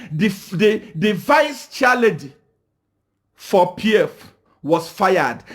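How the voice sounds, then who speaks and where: A Zambian man ranting on a livestream, who scolds his listeners, fires off rhetorical questions and keeps saying "Eh?", and sometimes shouts. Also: sits high. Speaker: political commentator. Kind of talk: livestream rant.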